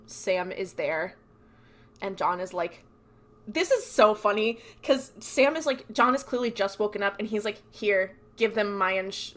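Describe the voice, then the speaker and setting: A young adult woman co-hosting a podcast, recapping episodes in animated casual chat full of "like". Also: medium pitch. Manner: animated storytelling, fills speech with "like". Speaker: podcast co-host.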